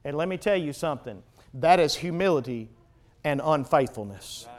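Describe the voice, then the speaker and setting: A man preaching a sermon, swinging between loud emphatic peaks and hushed low passages. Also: lively intonation, normal speed. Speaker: pastor.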